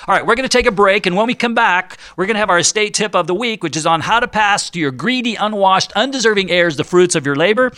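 A man's voice: high-pitched, expressive, fast, pushed and bright, clean tone, dry recording. A man hosting a radio talk show on retirement planning, chatty and jokey, teasing listeners and often laughing at himself. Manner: jokey, chatty, self-deprecating.

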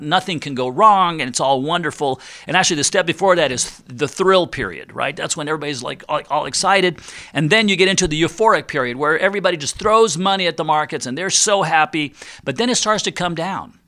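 A man's voice: on the high side, pushed and bright. A middle-aged man hosting a financial radio talk show, chatty and playful, often acting out worried investors in quoted voices. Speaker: radio show host and retirement planner.

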